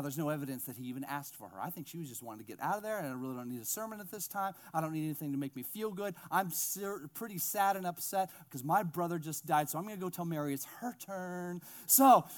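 A male pastor with a high voice delivers a lively sermon. He retells the Bible story with humorous asides and acts out its characters as he reads.

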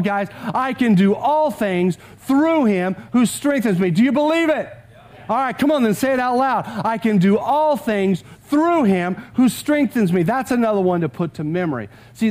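A pastor preaching a sermon with a Texan accent, urging the congregation to repeat scripture aloud with him. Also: male voice, high voice, a little mellow.

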